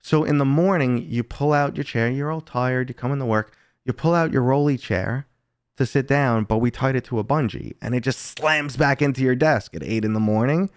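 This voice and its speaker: Casual man streamer with a smooth voice. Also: medium pitch, moderate pace, no room sound, studio quality. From United States. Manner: casual storytelling, swearing, reading chat. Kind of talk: casual live stream chat.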